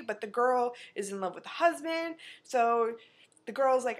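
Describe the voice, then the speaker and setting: A woman's voice: fairly high pitch, moderate pace. A woman vlogger in a casual rant, rambling, exasperated and swearing freely as she mocks what she watched. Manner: exasperated, rambling, profane, mocking. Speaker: vlogger reviewing a movie.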